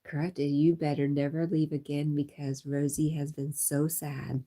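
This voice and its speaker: A woman's voice: low voice, level tone, unhurried, mellow. A woman hosting a casual livestream, chatting and reading viewer comments aloud, sometimes in a whisper. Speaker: livestream host.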